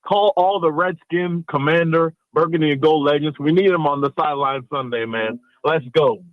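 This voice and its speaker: A man in his twenties calling a sports radio show, excited and rallying. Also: fairly high pitch, normal speed, dry recording. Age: 20s. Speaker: caller. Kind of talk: phone-in call. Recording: dull phone call.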